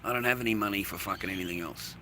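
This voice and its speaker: Bright-voiced swearing Australian man. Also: fairly low pitch, very fast, slight background noise. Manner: swears constantly, aggrieved and rambling. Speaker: livestreamer. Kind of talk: rambling live-stream monologue. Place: outdoors in an industrial area.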